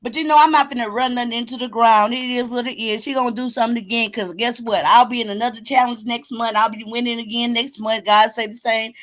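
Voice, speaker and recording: A woman hosting her own live stream, talking straight to her viewers in a loud, exclamatory and preachy way, whooping and cursing as she goes. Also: on the high side, fairly even intonation, quick pace, few pauses.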